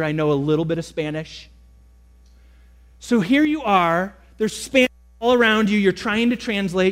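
A young man preaching a sermon as pastor, emphatic, slowing down to stress key words and speeding through asides. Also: sits high.

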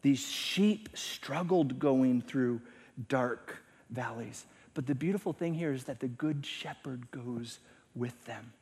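Slow and breathy at a medium pitch, a middle-aged pastor preaches, moving back and forth between loud, emphatic lines and hushed ones spoken almost in a whisper.

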